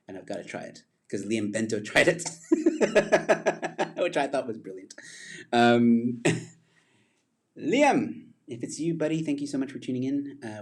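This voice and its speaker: A man hosting a casual livestream chat, rambling from topic to topic and laughing often at his own jokes. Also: mid-range voice. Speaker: livestream host.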